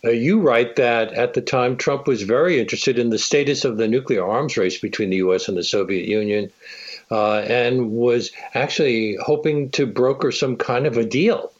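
A man interviewing a guest on the radio in a measured questioning manner. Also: mid-range voice. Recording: muffled lo-fi radio broadcast.

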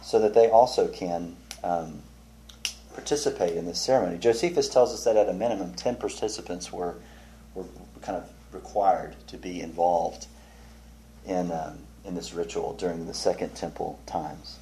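A man teaching a small Bible study group, chatty and animated, asking questions and telling funny stories. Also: low-pitched, normal speed. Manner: tells funny anecdotes with restarts. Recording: roomy, distant mic, faint noise.

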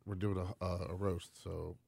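Male radio co-host, low gravelly voice, quick jokey comebacks. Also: level tone, darkish tone. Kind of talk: casual radio chat. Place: radio studio.

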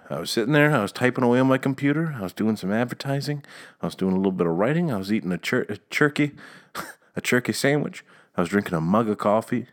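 A young man rambles through his solo podcast in an animated, ranting way, chuckling often. His voice sits fairly low but swings widely in pitch as he gets worked up. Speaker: podcast host. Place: outdoors or near a window, planes heard passing.

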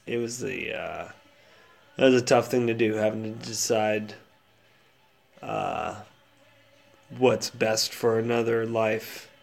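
A man's voice: fairly low pitch, slow, creaky, long pauses, soft background music. A man hosting his own show, rambling casually with lots of fillers and restarts, sounding sad and subdued. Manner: rambling, laid-back with many fillers and restarts. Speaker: podcast host. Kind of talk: casual solo monologue.

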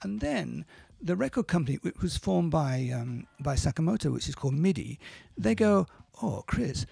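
A man talking in a casual interview, telling stories in a halting, self-correcting way and acting out the quotes. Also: on the high side, very animated, vocal fry, dark tone, breathy edge, no room sound. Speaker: interview guest, musician and producer. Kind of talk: casual storytelling in conversation.

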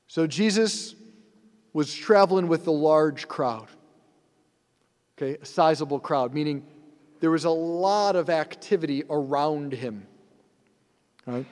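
A man's voice: a little high, takes it slowly, pauses often, darkish tone. A man, a priest, giving a sermon in an earnest, conversational way with rhetorical asides. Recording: long hall reverb.

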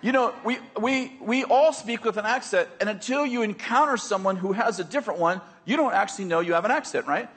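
Man, American accent, preacher, sermon, high voice, husky, conversational, joking, checks in with the audience. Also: fairly quick, few pauses, a bit bright.

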